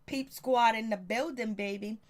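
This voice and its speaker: Chatty outspoken woman recapping TV. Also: a little high. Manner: chatty, outspoken, profane, quotes the cast in quick bits. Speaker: show reviewer. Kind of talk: casual reality TV recap.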